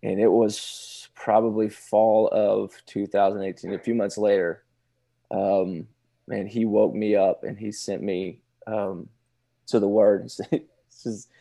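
A man, a pastor telling his personal testimony in casual conversation, halting with many restarts and laughing now and then. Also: on the low side, level tone, vocal fry, warm tone.

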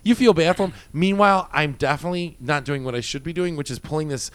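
Animated storytelling man, profane. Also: fairly high pitch, quick pace, no room sound. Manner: animated, profane, acts out quotes with loud jumps. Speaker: former bouncer telling stories. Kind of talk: casual storytelling chat.

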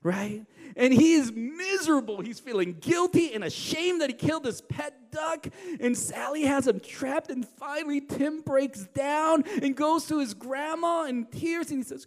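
A man preaching a sermon as pastor, swinging from loud emphatic lines to hushed, quiet ones. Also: very high-pitched, measured pace. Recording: long hall reverb.

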